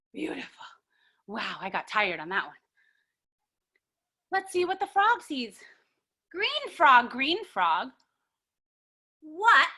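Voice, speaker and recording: A woman leading a children's yoga lesson, animated and encouraging, with sing-song storybook chanting as she greets kids by name. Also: high voice. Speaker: kids' yoga teacher.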